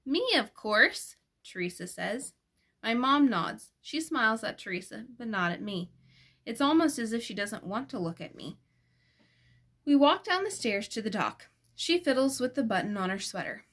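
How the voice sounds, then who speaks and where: A woman narrating a first-person novel as an audiobook, gentle and expressive, changing her voice for the characters. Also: fairly high pitch, moderate pace. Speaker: audiobook reader.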